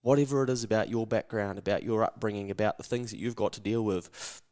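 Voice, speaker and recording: A man's voice: lowish voice, steady tone, fast talker, darkish tone. A man hosting a motivational solo podcast, fired up, blunt and sweary. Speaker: podcast host.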